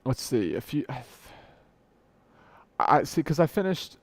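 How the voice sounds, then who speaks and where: A young man talks through his unscripted podcast, wandering off track and poking fun at himself along the way. His voice sits at an ordinary middle pitch. The sound is close and dry, with no room echo, from a desk mic at home. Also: sing-song, unhurried. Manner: rambling, self-correcting, joking at himself. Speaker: podcast host. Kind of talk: unscripted solo podcast talk. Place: home room at night, dim light.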